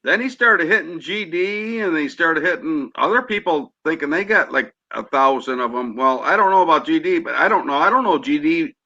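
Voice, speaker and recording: A man's voice: on the high side, lively intonation, normal speed, hardly any pauses, sharp tone. A man chatting on an online panel, rambling and hedging as he talks. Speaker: panel guest. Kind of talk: casual chat. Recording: muffled lo-fi call audio.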